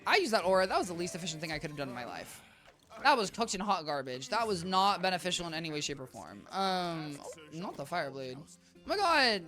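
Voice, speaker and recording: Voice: mid-range voice, fairly bright tone. A game streamer chatting with viewers in a rambling, chatty way while playing, voice a little worn out. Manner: chatty, rambling, addresses chat as guys.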